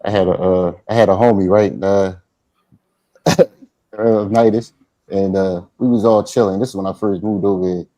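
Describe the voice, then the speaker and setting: A low, mellow-voiced man with a Philadelphia accent, talking bluntly and easily on a podcast. The sound is dry and close. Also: steady tone, moderate pace, pauses often, dry recording. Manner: blunt, laid-back, profane. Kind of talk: casual chat.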